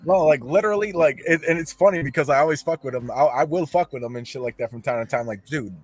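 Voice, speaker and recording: A man's voice: a little high, fast talker, no echo, faint music behind. Profane, rambling male storyteller. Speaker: podcast host. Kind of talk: casual storytelling chat.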